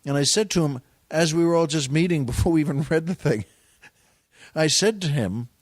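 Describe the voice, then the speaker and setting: A man's voice: fairly high pitch, brisk, dry recording, studio quality. A man, a comedian and actor guesting on a podcast, telling show business anecdotes in a rambling, self-deprecating way with plenty of restarts.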